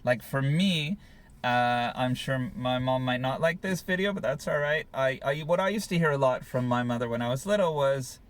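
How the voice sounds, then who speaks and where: A man's voice: mid-range voice, moderate pace. A man in a candid couple conversation, thinking aloud in a reflective, searching way. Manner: reflective, searching, many fillers. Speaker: co-host.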